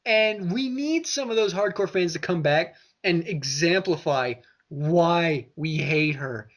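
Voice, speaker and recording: A man co-hosting a casual review podcast, ranting and swearing with lively, exasperated energy. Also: fairly high pitch, slow pace. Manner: ranting, profane, animated. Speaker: podcast co-host.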